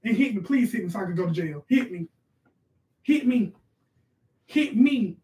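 Man doing a loud sassy scolding mom. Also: high-pitched, expressive, distant mic. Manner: shouty scolding, slangy, fast rants. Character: loud bossy middle-aged mother, sassy and scolding. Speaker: comedy sketch character. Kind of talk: improvised comedy sketch, live-stream parody.

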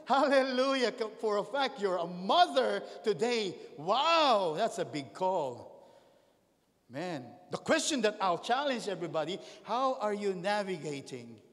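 A man preaching a sermon as the pastor, swinging between loud calls and quiet asides. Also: high voice, very animated, a little slow. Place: large church hall. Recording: echoey church hall.

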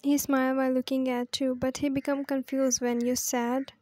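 Woman reading a fanfic aloud, high voice, mellow tone, dry close mic. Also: little pitch movement, moderate pace, few pauses, dry recording. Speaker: story reader. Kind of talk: reading a fan story aloud.

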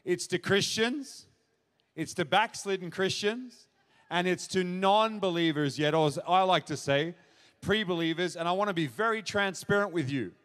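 A man preaches in a church auditorium, his voice sitting high for a man. He talks straight to the crowd with earnest conviction and pushes into emphatic questions. His words ring out with a long reverberant tail. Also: moderate pace, fairly bright tone. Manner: earnest, direct address to audience, builds to emphatic questions. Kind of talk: sermon.

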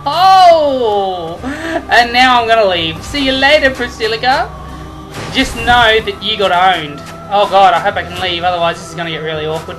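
A woman doing let's play commentary, excitable and trash-talking the enemies she fights. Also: mid-range voice, normal speed, poor audio. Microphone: headphones and desk mic. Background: game music.

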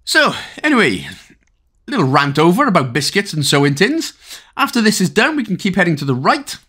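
A man's voice: sits high, sing-song, brisk, a bit bright, husky. A Welsh man giving a chatty, casual game walkthrough, full of rambling asides and jokes. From Wales. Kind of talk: casual gameplay commentary.

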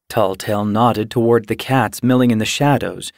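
A man reading an audiobook in scripted, measured narration. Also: fairly low pitch, fairly even intonation, creaky, no echo, clean studio sound. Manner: measured, unhurried storytelling.

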